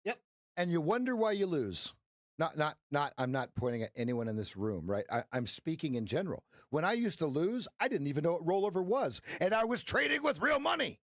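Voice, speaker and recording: A man's voice: a little high, expressive, a little fast, no room sound, clean studio sound. A man coaching traders on a live stream, blunt, passionate and profane. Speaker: trading coach.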